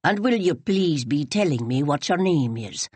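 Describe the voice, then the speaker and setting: A woman voicing a stately, slightly strange old Highland Scotswoman with a rich, lowered voice, in formal, old-fashioned phrasing. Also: expressive, moderate pace, a little mellow, breathy edge, no echo. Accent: Highland Scottish.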